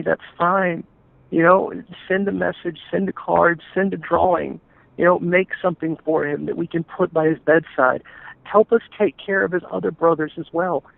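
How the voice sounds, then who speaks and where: A man telling his family's story in an interview, earnest and halting, often restarting his sentences. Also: on the high side, gravelly. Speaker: interview guest, stepfather. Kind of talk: emotional personal account. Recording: tinny phone-like call audio.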